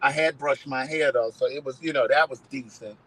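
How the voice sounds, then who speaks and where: A man hosting a casual live stream, telling stories in an animated way and swearing freely. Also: mid-range voice, a little fast, slightly rough, poor audio. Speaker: host.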